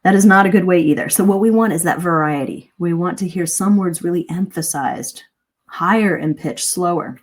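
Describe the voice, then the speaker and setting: A middle-aged woman coaches English speaking in a live-streamed lesson, lively and varying her pace and emphasis to demonstrate. Her voice is on the low side, and she talks briskly with few pauses.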